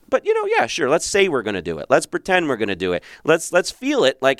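Animated man telling his own story. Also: mid-range voice, fast, hardly any pauses, clear, resonant tone, no room sound, clean studio sound. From Philadelphia. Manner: animated, with many restarts, acts out past thoughts in a raised voice. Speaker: podcast host and relationship coach. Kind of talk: personal storytelling monologue.

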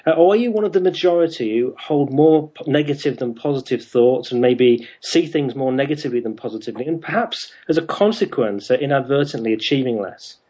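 A man's voice: medium pitch, a little mellow, slightly rough. A man hosting an interview show, talking in a hesitant way with many ums and restarts. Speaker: podcast host. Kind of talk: casual interview chat. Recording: dull lo-fi sound.

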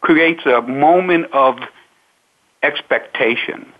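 A man who coaches public speaking, answering interview questions in a measured, unhurried way with frequent pauses. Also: medium pitch. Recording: narrow phone-line sound.

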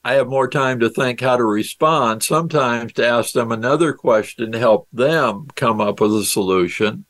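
A man's voice: medium pitch, normal speed, hardly any pauses, a bit bright. A man as a podcast guest in a casual interview, friendly and often addressing the host by name.

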